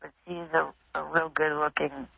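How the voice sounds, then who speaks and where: A gravelly man calls in, his speech hesitant and halting, full of ums and restarts, pitched a little high. The line sounds dull and dry. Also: flat delivery. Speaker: caller. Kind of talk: phone-in call.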